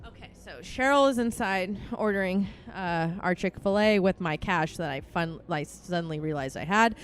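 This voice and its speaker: This podcast host, a woman in her twenties, has a fairly low voice and a moderate pace, with a bit of background noise behind her. Animated and profane, she tells a story and performs the quoted lines.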